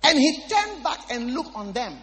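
Man, sermon, emphatic and repetitive, very animated pitch, bright tone. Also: normal speed, in a large hall. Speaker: preacher.

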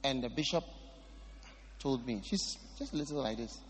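A man's voice: mid-range voice, expressive, moderate pace, big-room sound, a little hiss or hum. A man preaching a sermon, emphatic and repeating his phrases for stress.

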